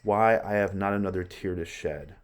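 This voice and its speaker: A sorrowful older Roman brother speaks in measured verse, as a man reads his part aloud. The voice is low and even. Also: natural voice.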